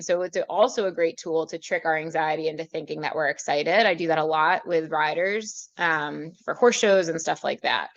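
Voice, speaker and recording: A woman riding instructor teaching a student in a chatty, animated way, then leading a guided meditation. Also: sits low, dry recording, dull audio. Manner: chatty, animated, acts out horse thoughts. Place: outdoors at a horse trailer.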